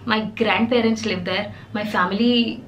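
A woman's voice: medium pitch, fairly even intonation, moderate pace, fairly bright tone, a little hiss or hum. A young woman with an Indian English accent, answering viewer questions in a playful, sarcastic vlog and mixing in Hindi. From Palampur, Himachal Pradesh, India. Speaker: YouTuber. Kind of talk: casual Q&A vlog.

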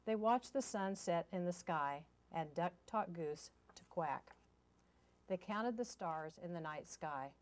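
A woman reading a children's picture book aloud with gentle, expressive storytelling. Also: on the low side, takes it slowly. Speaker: storybook reader.

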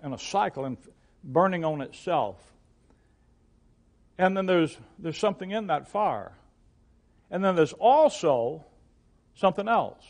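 An older man, a pastor, teaching through a Bible passage, often restarting and repeating words, and reading verses aloud in old-fashioned wording. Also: a little high.

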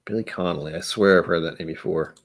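A man's voice: sits low, steady tone, quick pace, vocal fry. A man hosting a casual chat, rambling and self-mocking, who now and then slips into joke accents. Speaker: host.

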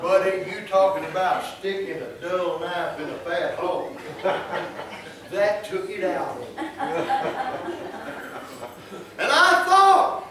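A man preaching a sermon, swinging between loud exclamations and soft, drawn-out storytelling. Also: high-pitched, a crowd in the background. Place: church sanctuary. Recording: echoey church room from far off.

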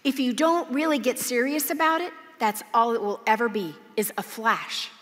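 Woman, preacher, sermon, animated storytelling, fairly high voice, long hall reverb. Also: moderate pace. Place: large church auditorium.

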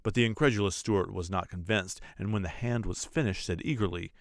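Brief: male audiobook narrator, very low and gravelly, steady reading. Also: a little fast, hardly any pauses, no room sound, clean studio sound.

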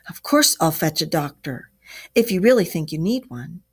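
A woman voices a brisk, hearty storybook rat, a bit bossy and fussing over a friend. The voice lifts a touch higher and stronger than her narration and is lively and earnest. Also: slightly rough. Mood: hearty, worried. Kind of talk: storybook read-aloud.

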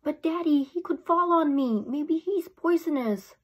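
Woman doing a high excited little girl. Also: measured pace. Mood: pleading. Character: anxious young girl, dramatic and insistent.

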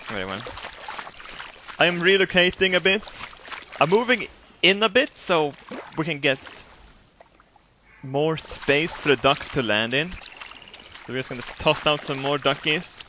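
A man's voice: on the high side, expressive, unhurried, long pauses, sharp tone, slight background noise. A man giving goofy, joking commentary while playing a hunting game, swearing and laughing often. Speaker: gameplay commentator. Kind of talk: casual let's-play commentary.

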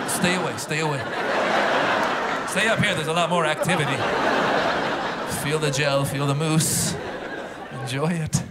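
A man doing a stand-up comedy set, animated and talking straight to the audience in a theater. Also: fairly high pitch, a little slow, long pauses. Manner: animated, talks to the crowd. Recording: loud crowd laughter and noise.

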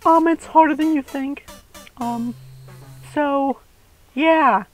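A man commentating gameplay with a friend, taunting and boasting, swearing and yelling at mistakes. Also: very high voice, takes it slowly, faint music behind, poor audio. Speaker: gamer co-host.

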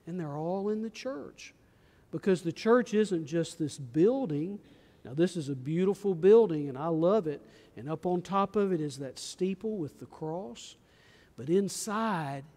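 A man, a pastor gently coaxing small children through a children's message during a church service. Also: high voice. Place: large church sanctuary. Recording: long church reverb.

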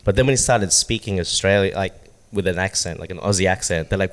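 Low-voiced relaxed man co-host. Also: fast talker, clean tone, big-room sound. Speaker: podcast co-host. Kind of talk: casual chat.

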